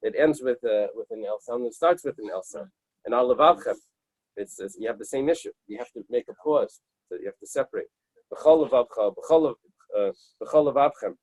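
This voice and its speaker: A man leading a Talmud study class, reading Aramaic passages and explaining them in English with halting restarts. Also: medium pitch, darkish tone, no room sound, poor audio.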